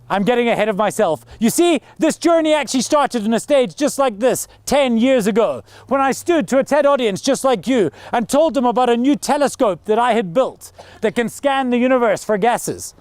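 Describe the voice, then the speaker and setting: A man giving an energetic, story-driven talk to school students and acting out the people he quotes. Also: extremely high pitch, brisk, dry recording. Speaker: guest speaker. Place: school hall.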